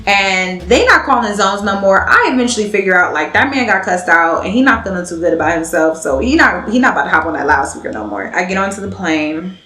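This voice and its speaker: A woman's voice: medium pitch, sing-song, fast, hardly any pauses, pushed and bright, echoey room. A young woman telling a dramatic, slangy storytime on her vlog, laughing as she goes. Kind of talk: animated storytime.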